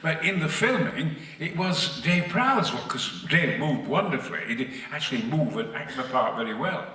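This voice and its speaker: A man guest at a convention panel, telling stories to the audience in a booming, theatrical way, heard from far off in an echoey hall. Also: very animated, normal speed, pushed and bright. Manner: booming, theatrical, acts out voices. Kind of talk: anecdotal storytelling to an audience.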